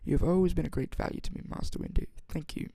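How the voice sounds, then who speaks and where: A man voicing a soft-spoken old schemer. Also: a little high, fast, vocal fry, breathy edge, no echo, pitched above the performer's own voice. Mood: bland.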